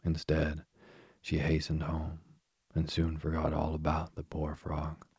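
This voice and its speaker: A man reading a fairy tale aloud at a slow, even pace. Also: rumbling low, slightly rough, dry recording. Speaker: narrator. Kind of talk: storybook reading.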